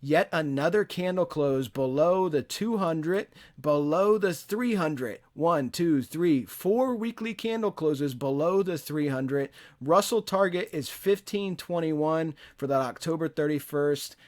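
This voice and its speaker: A man's voice: fairly high pitch, animated, measured pace, a little mellow. A middle-aged man hosting a market analysis show, talking viewers through trading charts in a chatty way with joking asides. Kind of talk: casual trading chart commentary.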